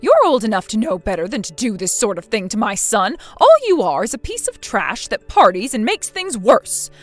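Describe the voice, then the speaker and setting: A woman voicing a spiteful, domineering older mother-in-law in a scripted text-message drama, scolding harshly and loudly. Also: a little high, big pitch swings, normal speed, soft background music.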